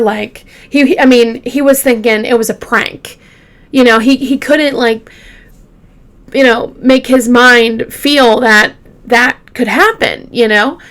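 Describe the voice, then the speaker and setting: A woman hosting a true crime show, retelling a case casually with halting fillers and restarts, openly shaken by the grim details. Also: on the high side, fairly bright tone. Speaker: true crime podcast host.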